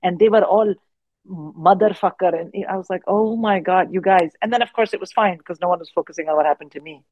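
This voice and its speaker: A woman in her forties, a guest comedian telling animated stories in casual podcast chat. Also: on the low side, fast, no room sound, muffled recording. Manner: animated, expressive anecdotes with frequent restarts.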